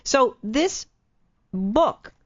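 A woman's voice: fairly high pitch, animated, drawn-out words, dry recording. A woman hosting a radio talk show, playful and affirming with her guest. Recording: dry, dull lo-fi sound.

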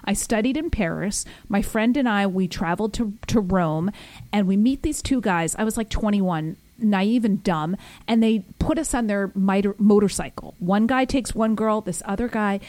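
A woman's voice: mid-range voice, darkish tone, no room sound. A woman in her forties co-hosting a casual talk show. She gushes and talks in an effusive way, and her voice is recorded dry and close. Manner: gushing, effusive. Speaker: podcast co-host. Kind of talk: casual chat.

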